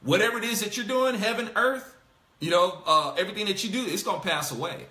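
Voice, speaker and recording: A man hosting a casual Bible discussion with a bright, fairly high voice. He talks in an animated way, laughing often and acting out the lines he quotes. The room is echoey. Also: quick pace. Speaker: host.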